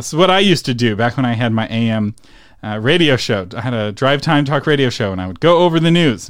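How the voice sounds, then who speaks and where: A man's voice: medium pitch, clean tone, no echo, clean studio sound. A man hosting a solo instructional podcast, talking casually and chatting with small laughs between points. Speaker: podcast host.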